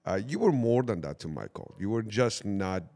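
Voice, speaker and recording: A male podcast host with a low voice and a wide, lively pitch. He reacts with open enthusiasm and steers his guest with questions. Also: moderate pace. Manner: expressive, encouraging, frequent reactions. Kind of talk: interviewing a guest.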